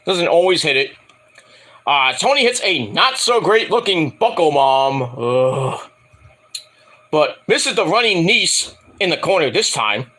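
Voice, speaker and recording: A man rattles through a wrestling show review in a casual, rambling way, swearing freely and breaking into mocking asides. His voice sits high and swings widely in pitch. The tone is bright and sharp. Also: a little slow. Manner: excitable, profane, rambling, mocking impressions. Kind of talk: casual recap vlog.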